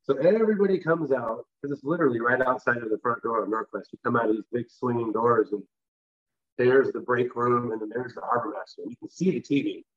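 A man's voice: mid-range voice, fairly quick, slightly rough, highs cut off. A man from the West Coast of the US, a guest telling a long personal story in a casual, rambling way with restarts. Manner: rambling, with restarts and filler phrases. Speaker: interview guest.

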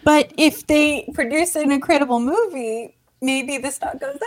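A woman's voice: sits high, normal speed, a crowd in the background, rough recording. A woman co-hosting a casual geek chat show, chatty and playful, laughing easily. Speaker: co-host.

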